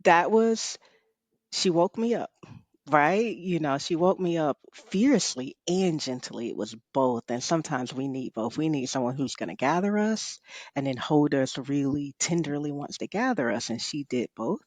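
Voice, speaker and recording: Expressive storytelling woman, dry sound. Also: deep voice, moderate pace, dry recording. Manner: expressive, laughs often, many "you know"s. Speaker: author and rest coach, guest. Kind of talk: personal storytelling in a conversation.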